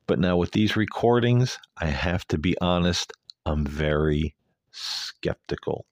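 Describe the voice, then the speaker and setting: A man's voice: low-pitched, animated, measured pace, no echo. A man hosting an earnest, rambling monologue, talking casually with lots of fillers into a close mic. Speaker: host.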